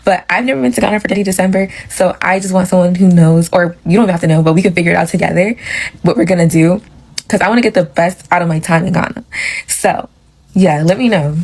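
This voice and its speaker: A woman's voice: fairly low pitch, fast, darkish tone, rough recording. A woman in a casual selfie video chatting in a friendly, inviting way.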